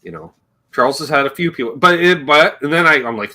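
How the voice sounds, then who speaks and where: A man's voice: medium pitch, animated, a little fast, sharp tone. A man hosting a casual livestream chat, rambling and joking and reading viewer comments aloud as he talks. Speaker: livestream host.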